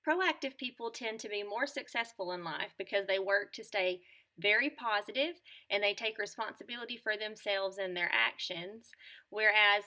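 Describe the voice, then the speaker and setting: A woman teacher presenting a scripted lesson to children in a clear, upbeat and encouraging tone. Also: mid-range voice, moderate pace, sharp tone. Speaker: teacher presenting a school morning show lesson.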